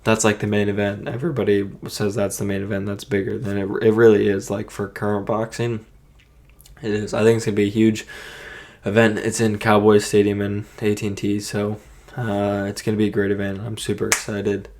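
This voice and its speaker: A man's voice: fairly low pitch, little pitch movement, a little fast, a little mellow. A man talking casually to his viewers, giving a boxing prediction in a rambling way and correcting himself often. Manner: rambling, self-correcting, hedging opinions. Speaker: boxing commentator.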